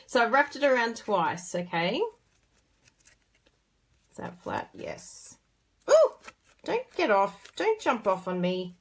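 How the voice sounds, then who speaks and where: A woman's voice: medium pitch, huge pitch swings, slow, long pauses. An Australian woman hosting a casual craft tutorial, chatty and bubbly as she talks through each step while working with her hands.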